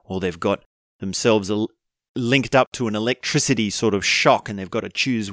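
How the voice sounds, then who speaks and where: A man talking casually on his own, chatty and quick to laugh, often ending lines with a questioning "right?". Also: mid-range voice, no echo, studio quality. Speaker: speaker explaining a topic. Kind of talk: casual monologue.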